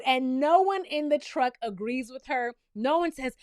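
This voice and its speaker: High-voiced sassy woman recapping TV. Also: unhurried, hardly any pauses, no room sound, clean studio sound. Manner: sassy, animated, talks straight to the viewer. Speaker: reality TV recap host. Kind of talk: recap and review commentary.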